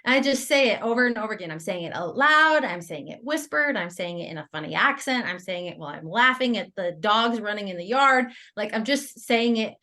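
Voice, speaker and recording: A woman talks through a personal story as a podcast guest, at an ordinary mid pitch for a woman. Her delivery is animated and conversational, with frequent laughter, and she slips into quoting her own inner thoughts as she goes. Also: brisk, hardly any pauses. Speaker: guest entrepreneur.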